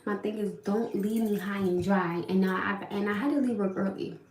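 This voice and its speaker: In an echoey room with a little hiss or hum, a young woman speaks at normal speed with a medium-pitched voice. She's casually telling her livestream viewers a story, animated and venting as she talks directly to them.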